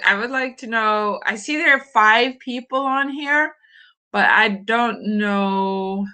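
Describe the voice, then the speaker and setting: A woman's voice: medium pitch, pushed and bright. A middle-aged woman from Norway chatting casually on a live morning stream, rambling with lots of fillers and small laughs.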